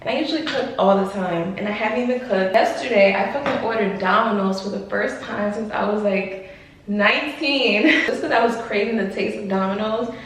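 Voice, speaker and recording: A pregnant woman in her twenties from Long Island, New York, vlogs candidly to her camera in front of a mirror at home, swearing casually in a confessional chat. Her medium-pitched voice is steady and fairly quick with hardly any pauses, captured off-mic from a distance in a very echoey room.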